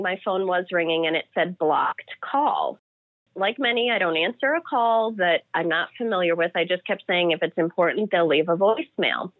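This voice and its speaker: A woman's voice: mid-range voice, dry recording. A woman telling an emotional personal story as an interview guest. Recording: dry phone-like audio.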